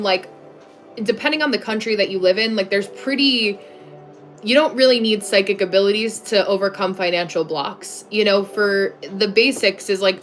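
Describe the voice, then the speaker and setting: A woman in her thirties chatting casually on a livestream, answering viewers with lots of fillers and restarts. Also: mid-range voice.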